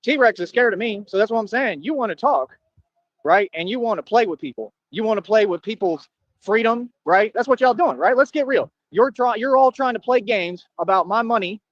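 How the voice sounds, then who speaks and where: A man's voice: sits high, lively intonation, normal speed, no room sound. A man delivering a boastful, confrontational monologue as a streamer, taunting his listeners. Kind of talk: ranting monologue. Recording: dull lo-fi sound.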